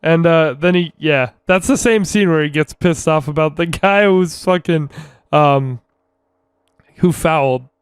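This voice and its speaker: A man's voice: a little high, unhurried, smooth, no echo. A man co-hosting a podcast in casual chat, swearing freely and laughing a lot. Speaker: podcast co-host.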